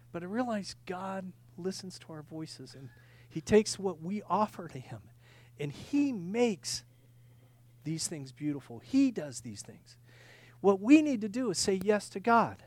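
Preaching a sermon in a high-pitched voice, this earnest male pastor moves from forceful declarations to hushed, intimate moments. Repeated words and restarted sentences are common in his delivery.

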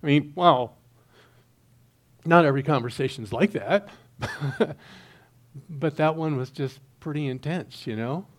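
A middle-aged man preaching a sermon, telling a personal story and swinging between hushed, quiet stretches and loud, excited bursts. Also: on the high side, a little slow, long pauses. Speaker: pastor.

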